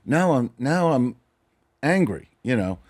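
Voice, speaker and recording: A man as a podcast guest, telling a story casually and animatedly, often trailing off into low mutters. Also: big pitch swings, measured pace, darkish tone.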